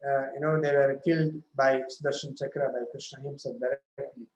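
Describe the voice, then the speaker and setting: A man giving a devotional scripture talk, retelling a story slowly with frequent self-corrections. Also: mid-range voice, level tone, darkish tone, reverberant, highs cut off. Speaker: scripture speaker.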